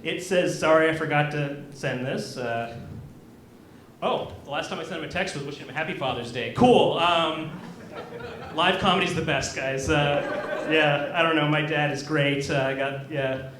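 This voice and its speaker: A man's voice: a little high, normal speed, fairly bright tone, a little hiss or hum. A young man from Kansas doing a stand-up set in a comedy club, awkward and self-deprecating, hesitating with many ums. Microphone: handheld stage mic. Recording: roomy club recording. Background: audience laughter.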